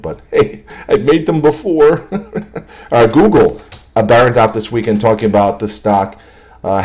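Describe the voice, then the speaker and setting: A man giving a casual, jokey stock market commentary over charts, self-amused and animated. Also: mid-range voice.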